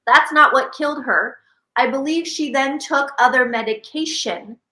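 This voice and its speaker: A woman with a bright, forceful voice and a slightly high pitch tells stories with lively energy. She acts out quoted lines as she goes. The room gives her voice a noticeable echo. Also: normal speed. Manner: animated storyteller who acts out quoted speech. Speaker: psychic medium and host. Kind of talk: casual chat.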